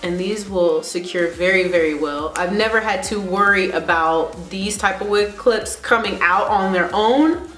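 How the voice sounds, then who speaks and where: A woman vlogger telling a story in a casual, animated way, laughing often. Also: mid-range voice, unhurried. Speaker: beauty vlogger. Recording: roomy echo, faint music.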